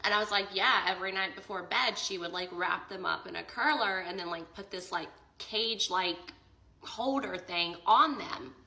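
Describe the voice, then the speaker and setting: Bright-voiced young woman telling a story. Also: medium pitch, moderate pace, gravelly, echoey room, rough recording. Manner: retells a conversation, quoting both sides, many "like"s; tearful and emotional near the end. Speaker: vlogger. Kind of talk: emotional storytime vlog.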